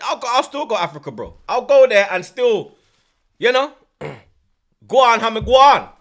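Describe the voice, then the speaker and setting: A man with a Jamaican accent hosting a stream, ranting loudly and teasingly in slang and patois. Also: very high voice, sing-song, a little slow. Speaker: host. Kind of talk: heated livestream rant.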